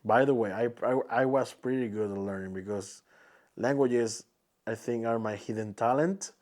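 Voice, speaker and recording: Hosting a casual solo podcast, a young man from Peru speaks English as a second language with a Peruvian Spanish accent. His mid-range voice has a darkish tone and a moderate pace, and he restarts often while hunting for words.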